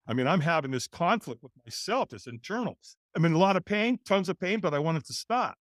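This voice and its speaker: A man in his sixties, a podcast guest, telling his life story in a lively way and acting out the voices of people in it. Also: on the high side, a little fast, dry recording, studio quality. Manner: animated, acts out voices in his stories. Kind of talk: storytelling interview.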